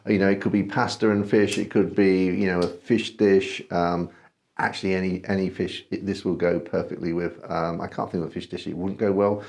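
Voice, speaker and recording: A man co-hosting a wine show who talks things through slowly and thinks aloud. His voice sits on the low side. He keeps it casual and easygoing, with plenty of ums along the way. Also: flat delivery, creaky, darkish tone, slight background noise. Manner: measured, thinking aloud, fillers. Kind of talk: casual wine tasting chat.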